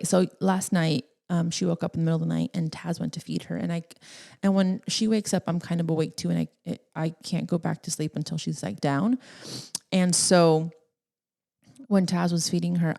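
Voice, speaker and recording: Gravelly, mellow-voiced young woman. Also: on the low side. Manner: rambling, emotional, laughs often. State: tearful at times. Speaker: podcast host. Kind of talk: casual solo podcast talk.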